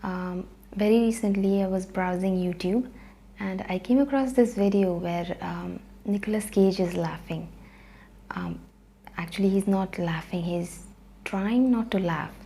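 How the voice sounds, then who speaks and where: Mellow-voiced woman recapping a movie. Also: mid-range voice, unhurried. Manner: chatty, frequent ums and uhs. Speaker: movie review vlogger. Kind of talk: casual spoken movie recap.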